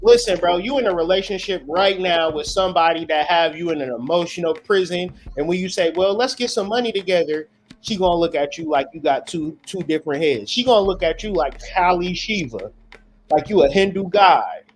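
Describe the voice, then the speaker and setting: A man's voice: high voice, fairly quick. A man hosting his channel, giving a profane, preachy monologue in an emphatic style. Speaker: host.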